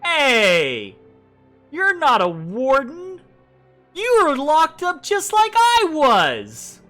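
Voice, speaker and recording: Man playing a nervous chattering prisoner, high, loud, excitable. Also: normal speed, faint music behind. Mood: accusing. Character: nervous male freed prisoner, accusing.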